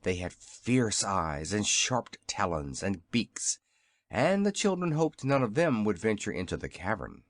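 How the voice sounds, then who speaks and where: A man narrating a classic children's storybook as an audiobook, in an expressive storytelling manner. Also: on the low side, a little slow, no echo. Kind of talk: scripted narration.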